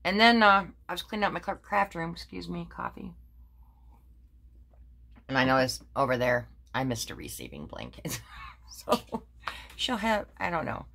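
A woman's voice: on the low side, sing-song, moderate pace, gravelly, pauses often, fairly bright tone. An older woman chatting casually in a crafting vlog, rambling through her projects with many fillers and self-corrections. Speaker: crafting vlogger. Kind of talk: casual show-and-tell chat.

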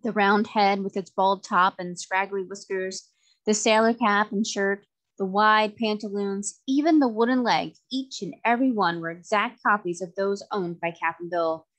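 A woman reads a children's novel aloud at a middle pitch, clear and measured with gentle expression. Her narration is steady and easy to follow. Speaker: story reader.

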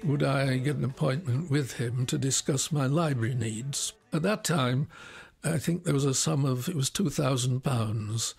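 An old man in his nineties tells his stories at an easy pace, pausing often to gather his thoughts. His voice is gravelly and husky, and soft music plays faintly beneath him. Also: mid-range voice. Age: 90s. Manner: unhurried storytelling, frequent pauses with "uh". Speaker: interviewee, retired scientist and magician. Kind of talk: reminiscing interview.

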